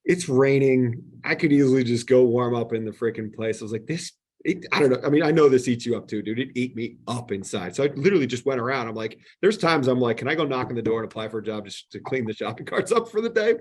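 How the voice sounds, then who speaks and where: A man in casual podcast chat, telling animated stories and acting out the exchanges he quotes. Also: mid-range voice, quick pace, few pauses. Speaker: podcast guest.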